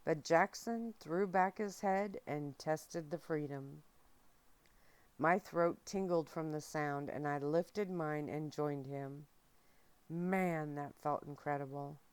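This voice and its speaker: Low-pitched woman for a soft, slow ASMR book reading, smooth tone, close mic. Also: dry recording. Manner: soft, steady, unhurried narration. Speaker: audiobook reader.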